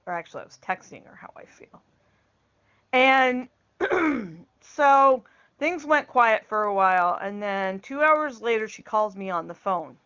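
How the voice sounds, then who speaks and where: Middle-aged woman, casual vlog storytelling, blunt, exasperated, outspoken, slow speech. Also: medium pitch, expressive, fairly bright tone, clear, resonant tone. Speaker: vlogger.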